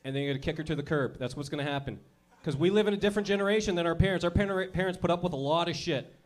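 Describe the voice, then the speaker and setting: A man's voice: a little high, rapid-fire. A man in his thirties doing profane stand-up comedy, working the crowd and laughing at his own jokes.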